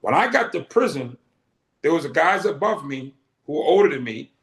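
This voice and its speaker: Recorded with a roomy echo, a middle-aged interview guest from Boston relates his story, performing quoted dialogue as a vivid storyteller. His voice is on the high side and sing-song, at a moderate pace.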